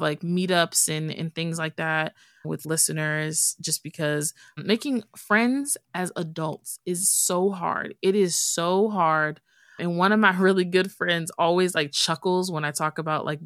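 A woman's voice: on the low side, a little slow, no room sound, studio quality. A young adult woman hosting her own podcast, talking candidly and casually as if to a friend. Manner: chatty, candid, talks like to a friend. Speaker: podcast host. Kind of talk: casual solo podcast chat.

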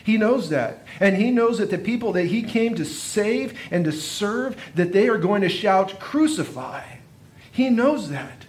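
A male pastor preaching a sermon in an earnest way, often repeating phrases and dropping his voice for quiet emphasis. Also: high voice.

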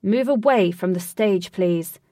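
A woman's voice: mid-range voice, measured pace, dark tone, no room sound, clean studio sound, far from the mic, natural voice. A woman voicing an officious palace guard who turns people away in a storybook reading. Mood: curt. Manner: curt, officious.

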